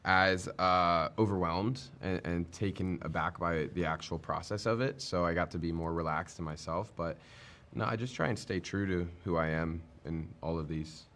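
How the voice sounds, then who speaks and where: A man answering interview questions earnestly, in halting sentences with restarts. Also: low voice, fairly bright tone. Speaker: reality show contestant. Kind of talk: casual press interview.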